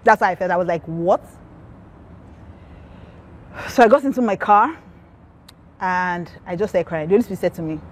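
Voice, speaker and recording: Woman preaching an animated testimony. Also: on the low side, moderate pace, pauses often, slight background noise. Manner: animated storytelling, acting out quoted voices. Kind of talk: testimony sermon.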